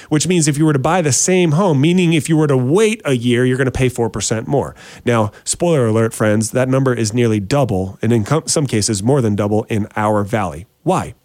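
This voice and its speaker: A man's voice: medium pitch, darkish tone, dry recording. Talk-show host, male, easygoing explainer, dry close sound. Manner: chatty, addresses listeners as friends, repeats words while thinking. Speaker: real estate show host.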